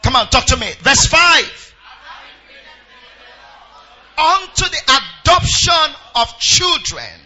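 A man's voice: extremely high pitch, very animated, slow, pauses often, bright, forceful tone, highs cut off, soft background music. A Nigerian pastor preaching a sermon. He half-sings scripture verses in a sing-song chant and calls out to his congregation.

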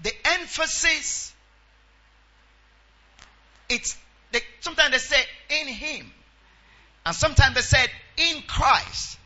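Nigerian man, pastor, very high voice, sing-song scripture chanting, dull lo-fi recording. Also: bright, forceful tone. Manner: chants verses in a sing-song, calls on the congregation. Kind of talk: sermon with scripture reading.

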